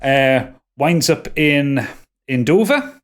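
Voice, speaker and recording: A man's voice: fairly high pitch, animated, slow. A man co-hosting a podcast, ranting and swearing as he critiques a film. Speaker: podcast co-host. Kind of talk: casual podcast chat.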